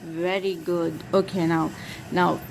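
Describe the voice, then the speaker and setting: Woman, mother teaching her child, patient letter-by-letter phonics drill, slow pace, faint background hum. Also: on the low side, little pitch movement, creaky, a little mellow. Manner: patient, spells out letters one by one and praises.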